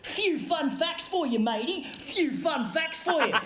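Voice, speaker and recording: A performer voicing a male felt puppet stand-up comedian with an Australian accent, telling a swearing, deadpan story on a live stage. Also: high voice, unhurried, crowd noise. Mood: mocking. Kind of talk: stand-up routine. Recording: echoey stage with audience noise.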